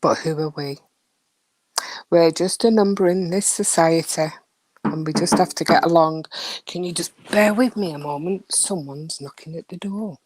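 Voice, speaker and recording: A woman's voice: fairly low pitch, moderate pace, darkish tone, dry recording. A woman hosting a casual live chat with her viewers, teasing and chatty as she answers them. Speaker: livestream host chatting with viewers.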